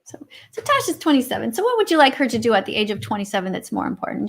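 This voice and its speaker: A Canadian woman co-hosts a livestream over a video call, reading chat comments aloud and answering them sarcastically with some swearing. Her voice is on the high side and creaky, very animated and very fast.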